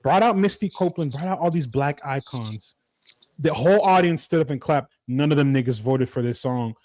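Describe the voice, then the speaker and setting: A man's voice: medium pitch, lively intonation, normal speed, a little mellow. A man co-hosting a casual podcast, ranting animatedly with lots of swearing and laughter. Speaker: podcast co-host. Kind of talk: casual chat.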